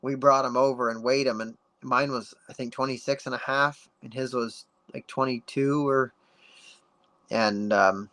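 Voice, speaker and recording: A man guest on a podcast, telling a story in a casual, animated way and acting out the dialogue. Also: mid-range voice, unhurried. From United States. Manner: animated, acts out dialogue with many "like"s.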